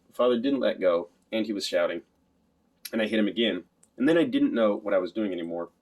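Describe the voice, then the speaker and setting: Fast, low-voiced male audiobook reader. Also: a little mellow, muffled recording. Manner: literal, matter-of-fact telling. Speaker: audiobook narrator. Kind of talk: scripted first-person narration.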